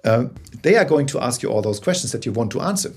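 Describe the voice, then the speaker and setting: A man's voice: mid-range voice, expressive, fast talker, husky. A man being interviewed as a guest, explaining his ideas with frequent restarts and tag questions like "yeah?". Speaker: guest storyteller. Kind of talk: interview conversation.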